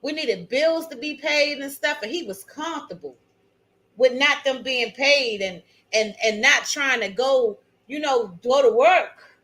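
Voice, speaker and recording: A woman's voice: high voice, measured pace, a bit bright, rough recording. A woman in her fifties from Maryland, hosting her own channel and telling a personal story to viewers in a chatty, emphatic way, calling them y'all and honey. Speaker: channel host.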